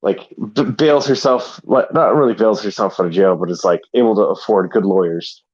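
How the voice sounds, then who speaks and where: A man's voice: fairly low pitch, moderate pace, a little mellow, husky, dull audio. A man co-hosting a casual podcast, telling a rambling, playful made-up story. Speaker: podcast co-host. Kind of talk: casual chat, improvised movie pitch.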